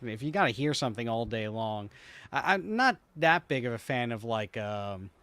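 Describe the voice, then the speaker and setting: A man from Brooklyn with a faint New York accent, a podcast guest chatting in an animated, jokey way. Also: mid-range voice, moderate pace, smooth, dry recording. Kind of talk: casual chat.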